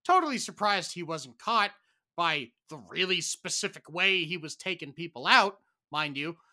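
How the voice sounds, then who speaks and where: A man co-hosting a podcast in casual chat, animated and given to exaggerated, dramatic outbursts. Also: high voice, normal speed. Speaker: podcast co-host.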